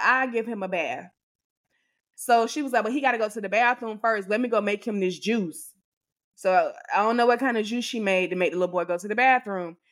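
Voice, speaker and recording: Exasperated woman telling a story. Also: fairly high pitch. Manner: animated, exasperated storytelling, acts out the other people's lines. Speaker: podcast co-host. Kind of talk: casual storytelling to a co-host.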